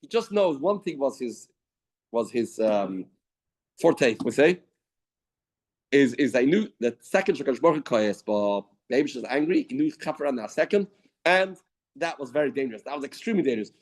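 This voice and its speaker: A man giving a daily Talmud class in a study hall, lively, weaving Hebrew and Yiddish terms into English. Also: mid-range voice, normal speed. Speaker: Talmud teacher. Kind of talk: Talmud lecture.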